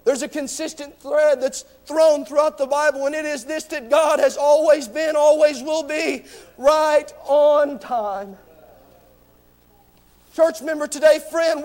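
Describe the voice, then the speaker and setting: Fervent preacher shouting, very high voice. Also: male voice. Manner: fervent, repeats rhetorical questions to the congregation. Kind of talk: shouted sermon. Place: church.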